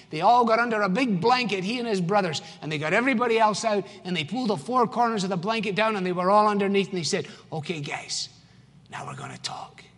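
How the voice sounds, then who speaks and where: A man's voice: high voice, a bit bright. A man with a Scottish accent preaching a sermon as pastor, in an emphatic, conversational way. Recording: long church hall reverb.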